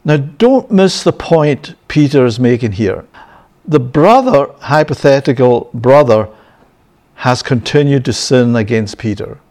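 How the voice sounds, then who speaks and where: Brief: male Bible teacher, mid-pitched, conversational sermon with "yeah?" asides. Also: animated, measured pace, darkish tone. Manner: checks in with frequent "yeah?" and "right?", chuckling.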